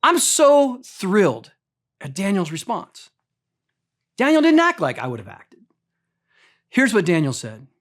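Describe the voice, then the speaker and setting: A man's voice: high-pitched, huge pitch swings, a little slow, pauses often. A male pastor preaching a sermon in a conversational, emphatic way, often putting direct questions to the congregation.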